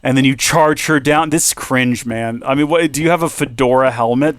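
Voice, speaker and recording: His voice is mid-range and his speed normal, recorded with no echo. This man runs a gaming channel, chatting and joking loosely with viewers during let's-play commentary even as his voice starts to fail.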